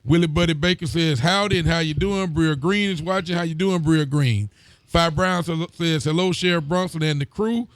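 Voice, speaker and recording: A county sheriff hosting a local show chats casually, reading out viewer comments and greeting people by name in a friendly way. His voice is a little high, at normal speed, with no echo.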